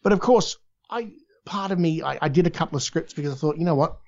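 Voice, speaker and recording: An Australian man, a voice actor, chatting casually and telling stories with lively quoted voices. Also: a little high, quick pace, lo-fi sound. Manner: animated storytelling, voices in quotes. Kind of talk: casual conversation.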